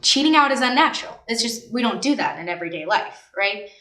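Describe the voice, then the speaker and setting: A woman's voice: a little high, expressive, quick pace, pushed and bright, far from the mic. A woman giving a casual, emphatic acting lesson to camera. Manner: emphatic, demonstrative. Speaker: acting teacher. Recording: echoey room, mic set back.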